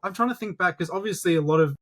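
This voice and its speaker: A man's voice: high voice, fast talker. Swearing young man, raised voice. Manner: laid-back, swears a lot, says dude and bro. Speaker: podcast co-host, YouTuber. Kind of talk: casual podcast chat.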